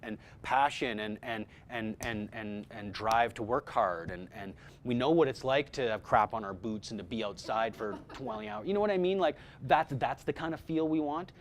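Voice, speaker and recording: A man leads a voice-over class in an easy, unscripted way, stumbling over and repeating his words as he goes. His pitch sits in a middle range for a man. A faint low rumble hums behind him. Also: moderate pace, hardly any pauses. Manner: energetic, repeats words, many fillers. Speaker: voice-over workshop instructor. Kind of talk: casual workshop talk. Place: workshop room with a group.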